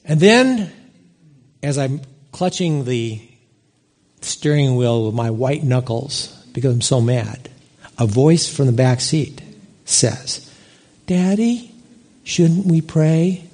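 A middle-aged man preaching a sermon, telling a personal story with lively swings in his voice. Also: slow, long pauses. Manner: animated storytelling, big swings in pitch.

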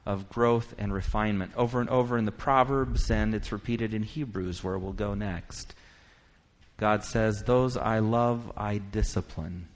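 A man preaching a sermon, moving from quiet, reflective musing to rising, emphatic declaration, and reading scripture aloud in quick bursts. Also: fairly low pitch.

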